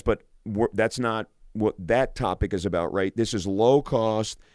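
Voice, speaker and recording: Enthusiastic male radio host, smooth and dry. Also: fairly low pitch, a little mellow, dry recording. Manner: enthusiastic, with frequent restarts and repeated words. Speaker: radio show host, physician. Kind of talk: solo radio talk.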